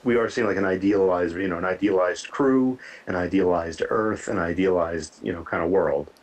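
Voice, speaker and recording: Low-voiced man rambling through a review. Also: moderate pace, low-quality recording. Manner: rambling, repeats words, many "you know" fillers. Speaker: podcast co-host. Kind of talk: casual review chat.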